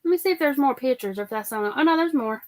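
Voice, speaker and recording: A woman's voice: high-pitched, animated, fast, a little mellow. A middle-aged woman, chatting casually as a livestream host and reading out comments. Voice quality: chatty, rambling.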